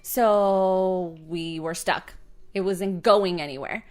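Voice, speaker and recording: Animated woman telling a story. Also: on the low side, takes it slowly, clean tone. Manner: animated, swears casually, acts out quotes. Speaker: podcast co-host. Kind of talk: casual storytelling chat.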